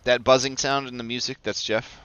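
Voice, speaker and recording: A man playing a tabletop game, chatty and excitable while taking his turn. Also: medium pitch, fairly quick, smooth, no echo, highs cut off, soft background music. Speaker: player.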